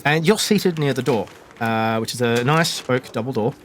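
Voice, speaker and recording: A man's voice: mid-range voice, moderate pace, a little hiss or hum. Man narrating as game master. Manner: descriptive, with frequent fillers and restarts.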